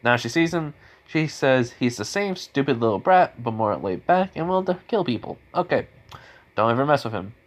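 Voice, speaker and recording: A man's voice: medium pitch, animated, moderate pace. A man improvising a spoken fan story in a rambling, casual way, full of restarts and chuckles.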